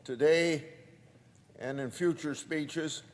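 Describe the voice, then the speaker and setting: Measured male senator with a slightly high voice, reading quotes into the record in a reverberant chamber. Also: fairly even intonation. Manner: deliberate, reads out quoted documents. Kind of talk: formal floor speech.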